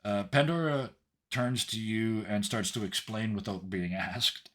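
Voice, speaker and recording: Low-voiced man running a tabletop game. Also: a bit bright. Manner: halting, descriptive narration. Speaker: game master.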